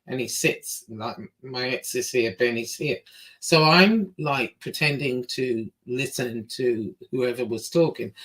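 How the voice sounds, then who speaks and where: English woman, casual storyteller; blunt, swears, acts out the dialogue with lively pitch jumps. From England.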